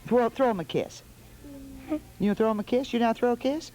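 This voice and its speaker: A woman hosts a holiday television show in a studio, coaxing small children with sing-song questions. Her voice is on the high side and warm, she talks fast, and the recording is rough.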